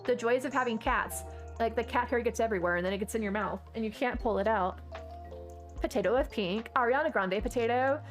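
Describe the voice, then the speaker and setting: A woman's voice: on the high side, a little fast, soft background music. A woman streaming a game live, chatting in a bubbly way that is full of gasps and exclamations. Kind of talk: casual gaming stream chat.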